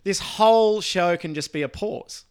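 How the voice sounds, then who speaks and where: A man's voice: sits high, measured pace, smooth. A man co-hosting a podcast, chatting casually with jokey, rambling banter. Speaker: podcast co-host. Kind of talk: casual chat.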